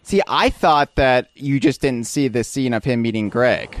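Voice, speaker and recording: A man co-hosting a podcast in casual chat, musing and hedging with pauses. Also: mid-range voice, no echo. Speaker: podcast co-host.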